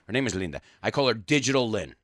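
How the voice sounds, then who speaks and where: A man hosting a radio show in casual bilingual chat, telling stories animatedly and acting out quotes. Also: fast talker. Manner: animated storytelling, acting out quotes with big pitch jumps. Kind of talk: casual bilingual chat, switching between English and Spanish. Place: radio studio.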